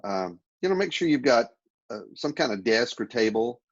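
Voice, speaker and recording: A man with a husky voice speaks in a relaxed, advice-giving way, restarting phrases as he goes. The audio is dull and lo-fi, like a remote call. He sounds like a guest on a casual interview. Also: medium pitch, normal speed.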